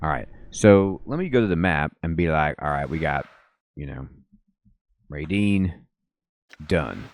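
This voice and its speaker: A man's voice: a bass voice, animated, a little slow, long pauses. A man giving casual, offhand commentary while playing a game, with many ums. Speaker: let's play host.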